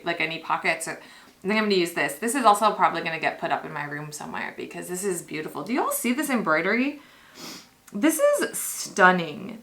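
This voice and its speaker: Woman, costuming vlogger, bright clear tone, excitable, gushing, chatty unboxing. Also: on the low side. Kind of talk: casual unboxing vlog.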